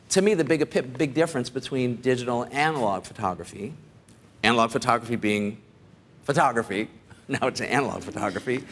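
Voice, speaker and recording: A middle-aged man gives a loose, chatty talk to a studio audience, wandering through his thoughts and checking in with listeners along the way. His voice sits at an ordinary pitch, with a faint hiss behind it. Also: fairly bright tone. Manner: rambling and conversational, full of "like" and "right?". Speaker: photographer giving a talk.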